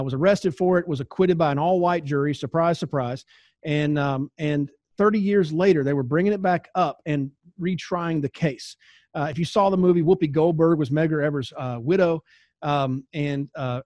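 A man with a Southern accent trains insurance agents in a relaxed, conversational way. His voice sits a little high, and he slips into acted-out exchanges with clients. The recording is dry and close. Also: no room sound. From American South. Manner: conversational, acts out client dialogues. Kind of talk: sales training talk.

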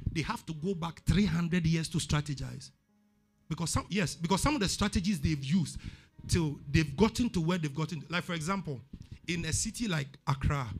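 Ghanaian guy preaching hard, keeps repeating himself, high voice. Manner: emphatic preaching, repeats words for stress. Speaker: pastor. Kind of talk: sermon.

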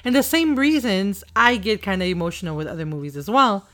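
A woman in casual conversation with her child, mid-pitched and unhurried. She wanders through stories, teases gently and laughs often, with the loose feel of family banter on a podcast. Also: animated. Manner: rambling, laughs often, teasing. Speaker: podcast host and mother.

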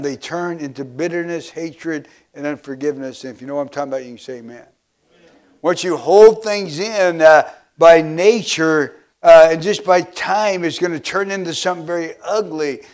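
Pastor guy preaching, pretty high voice, lots of uh's and amens. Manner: preaching with frequent "uh" fillers, asking for amens. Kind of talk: sermon.

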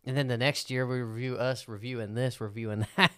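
A man's voice: mid-range voice, steady tone, a little fast, fairly bright tone, smooth. A young man co-hosting a podcast in casual chat, joking, laughing often and tripping over his words. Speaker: podcast co-host.

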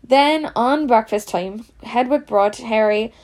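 Woman reading a story aloud, a little high, some gravel. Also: slow pace, a little mellow. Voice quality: reads in a Scots voice, slips into dialect words. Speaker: reader.

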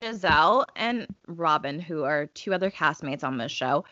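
Lively, lower-voiced woman recapping drama. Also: moderate pace, no echo, muffled recording. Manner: animated, emphatic storytelling with swearing. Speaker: podcast co-host. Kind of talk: casual chat.

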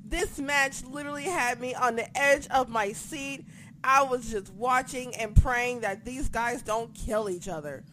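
A woman co-hosting a casual wrestling recap from home, talking in an excitable, profane, animated way. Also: on the high side, a little slow. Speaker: podcast co-host recapping wrestling. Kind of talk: casual chat. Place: home apartment.

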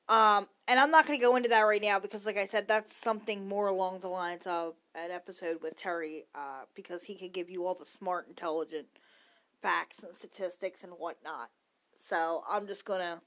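This thirty-something woman hosts her own podcast, talking at normal speed in a fairly bright mid-range voice. She rants bluntly and casually, swears a lot and wanders off on tangents.

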